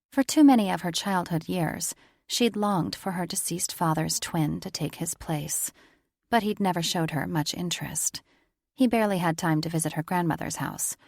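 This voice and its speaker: A woman reads an audiobook in a steady, measured storytelling manner. Her voice sits on the low side with a noticeable gravelly fry. The recording is dry and close, with no room sound. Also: no room sound. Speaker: audiobook narrator. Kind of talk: audiobook narration.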